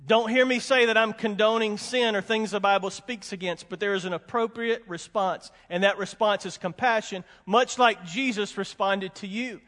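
A pastor delivers a sermon in a strikingly high voice, pressing his points by repetition and slipping in folksy jokes. His words ring out with the long reverb of a large church hall. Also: fairly even intonation, moderate pace, few pauses, a bit bright. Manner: emphatic, repeats warnings, folksy asides. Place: church sanctuary with congregation.

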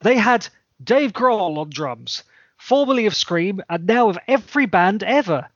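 A man's voice: sits high, expressive, unhurried, no echo, dull audio. A man co-hosting a podcast, chatting enthusiastically and jokily, reeling off long lists of facts. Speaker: podcast co-host. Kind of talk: casual chat.

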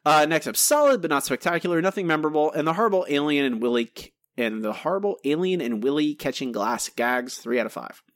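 A man hosting a podcast, reading listener answers aloud in a relaxed, chatty way with some self-corrections. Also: fairly high pitch, no room sound, clean studio sound. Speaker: podcast host.

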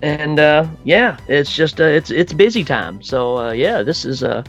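A man guesting on a podcast, rambling and joking in a relaxed, casual way. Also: a little high, measured pace, highs cut off, faint music behind.

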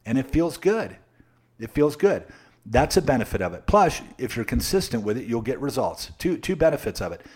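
A man speaks straight to his viewers in a motivational coaching talk. He hammers each point through repetition and keeps checking in with the audience. His pitch sits in the middle range for a man. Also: very animated, moderate pace, darkish tone, husky. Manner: emphatic and repetitive, with frequent tag questions; addresses viewers directly. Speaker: sales coach. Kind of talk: motivational live-stream talk.

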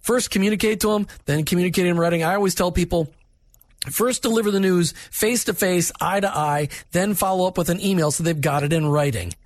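A man with a notably high voice talks through workplace advice in a direct, plainspoken way. The recording is dry and close, with no room sound around him. He sounds instructive and conversational, like a manager coaching other managers. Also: brisk, no echo.

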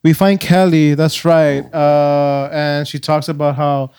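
A man co-hosting a casual podcast, excitedly recapping a movie with slang and swearing. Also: a little high, takes it slowly, clean tone, no echo, clean studio sound. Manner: excitable, says dude a lot, profane. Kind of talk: casual film recap chat.

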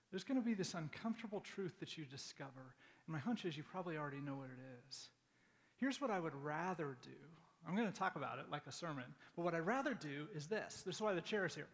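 Man, pastor, conversational sermon, high voice, long hall reverb. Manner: conversational, with many fillers and restarts.

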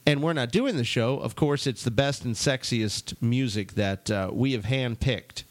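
A man's voice: mid-range voice, normal speed, dry recording. A man co-hosting a radio talk show, joking and playful in casual banter.

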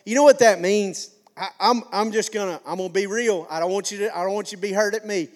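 A man's voice: sits high, fast. A male pastor preaching a sermon in a folksy, conversational way, repeating phrases for emphasis.

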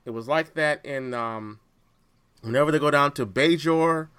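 A man co-hosting a podcast in casual chat, animated and laughing often, restarting his sentences as he goes. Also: a little high, moderate pace, clean tone. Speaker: podcast co-host.

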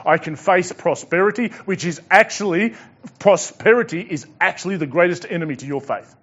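High-voiced man preaching. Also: lively intonation, moderate pace, fairly bright tone, dull audio. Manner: storytelling, acting out dialogue. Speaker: pastor. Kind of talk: sermon.

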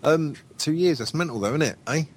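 A man's voice: on the high side, animated, fairly quick, slightly rough. A man joining a podcast as a guest over a call, joking and teasing in casual banter.

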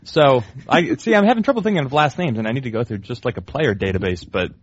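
Young male co-host, dry wry banter, mid-pitched, dead-dry and a bit dull in tone. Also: expressive, fast, breathy edge, dry recording. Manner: dry, wry, rambling riffs. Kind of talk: casual banter.

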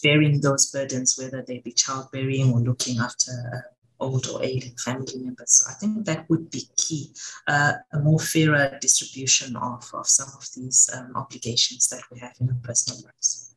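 A middle-aged woman, a law professor, giving thoughtful, measured answers in a radio interview and pausing to choose her words. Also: a bass voice, steady tone, a bit bright, rough recording.

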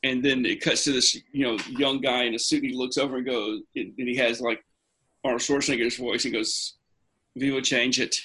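A man's voice: mid-range voice, level tone, brisk, pushed and bright, breathy edge. A man in casual podcast chat, telling long rambling stories with many restarts. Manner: rambling storyteller, restarts a lot.

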